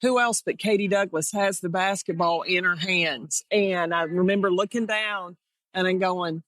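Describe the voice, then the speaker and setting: Middle-aged female ex-coach, animated storyteller who voices the people she quotes; dry, close recording. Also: fairly low pitch, normal speed, no echo. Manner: storytelling that acts out quoted dialogue. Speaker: former head coach. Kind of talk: reminiscing interview.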